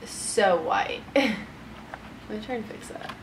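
A woman's voice: mid-range voice, takes it slowly, vocal fry, roomy sound, noisy background. A young woman hosting a casual couples vlog, chatty and giggly. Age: young adult. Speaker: vlog co-host. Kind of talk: casual chat.

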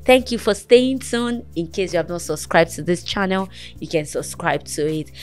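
A woman's voice: on the low side, expressive, moderate pace, faint music behind. A woman hosting a talk show, earnestly counselling and encouraging a guest in a motherly, preaching way.

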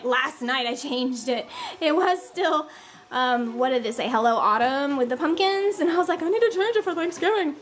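A young woman filming her family at home, chatting, laughing often and cheering her kids on, in a casual vlog on a handheld camera. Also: high-pitched. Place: at home, indoors and outside. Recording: noisy home video.

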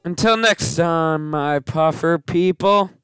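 Slow-talking smooth-voiced gaming man. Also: a little high, a bit bright, dry recording, clean studio sound, soft background music. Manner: melodramatic, grumbling and self-mocking. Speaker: let's play host. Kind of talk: casual gameplay commentary.

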